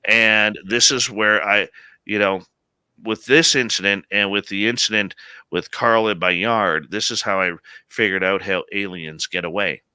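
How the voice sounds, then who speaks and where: A man in his late forties hosting a live radio show, telling a story in an animated, conversational way. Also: on the low side, a little slow, clean tone, no room sound. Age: late 40s.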